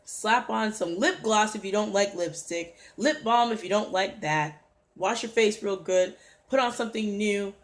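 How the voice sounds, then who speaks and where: A woman's voice: medium pitch, measured pace. A woman hosting a motivational livestream, exhorting her viewers and greeting them by name as she preaches. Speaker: livestream host.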